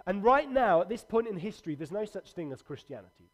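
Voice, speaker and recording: A man's voice: high voice, very animated, fast. A man pastor giving a livestreamed church sermon, earnest and conversational with emphatic repetition.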